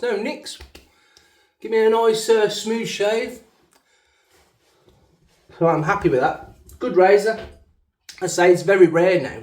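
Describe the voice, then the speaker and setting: A rambling, chatty man with a Black Country accent and a fairly high voice. He talks loosely and pokes fun at himself as he shaves. The sound bounces around a hard, echoey bathroom. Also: a little mellow. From English West Midlands. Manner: rambling, chatty, self-mocking. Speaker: shaving channel host. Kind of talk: casual chat while shaving.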